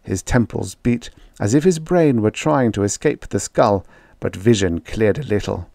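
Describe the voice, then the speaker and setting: A man narrating a science fiction audiobook in a steady, dramatic storytelling manner. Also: on the low side, measured pace, gravelly, no room sound, studio quality. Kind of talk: scripted narration.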